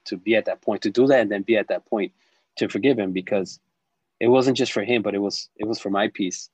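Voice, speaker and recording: Low-voiced man, halting and reflective. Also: no room sound, low-quality recording. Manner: reflective, halting, with frequent restarts and fillers. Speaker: interview guest. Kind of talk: personal storytelling in an interview.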